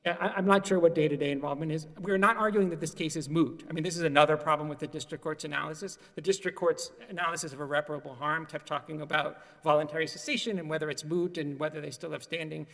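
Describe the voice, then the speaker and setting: A man arguing as counsel before an appeals court, giving quick, precise answers to the judges. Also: on the high side, fairly even intonation, vocal fry, fairly bright tone. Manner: quick, precise legal rebuttal. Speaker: government lawyer in appeals court. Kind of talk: formal courtroom oral argument. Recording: long reverb of a courtroom.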